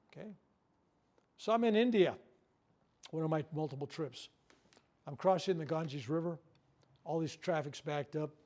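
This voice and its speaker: Guy preacher telling healing stories at a workshop, voice a bit high, acts out the quotes. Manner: animated storyteller, acts out quoted speech. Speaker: reverend leading a healing workshop. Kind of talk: storytelling workshop talk. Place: room at a medical center, before a live audience.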